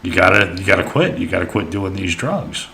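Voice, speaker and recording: A stern old spirit man who lectures bluntly and swears as he warns, as a man retells it. The voice sits very low but rings bright and forceful. It is delivered as part of a spoken ghost story. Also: animated, a little fast, gravelly, heavily acted. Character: stern old male spirit giving warnings.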